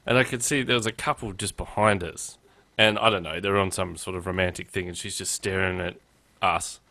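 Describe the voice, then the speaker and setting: Male podcast co-host, lowish bright voice, dry deadpan storyteller. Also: brisk. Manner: tells anecdotes. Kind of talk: casual chat.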